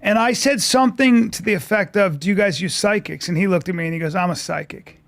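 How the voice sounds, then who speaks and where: Gravelly man telling a podcast anecdote. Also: high voice, fast. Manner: anecdotal, chatty. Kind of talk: podcast storytelling.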